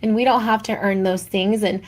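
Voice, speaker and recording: Podcast lady, warm and reflective, telling her own stories. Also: medium pitch, steady tone, fairly quick. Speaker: podcast co-host. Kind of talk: heartfelt podcast conversation.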